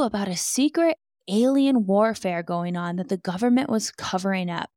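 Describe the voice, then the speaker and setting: A woman's voice: medium pitch, expressive, moderate pace, darkish tone, no room sound, clean studio sound. A woman hosting a true crime podcast, retelling a con man's story with sarcastic, incredulous asides.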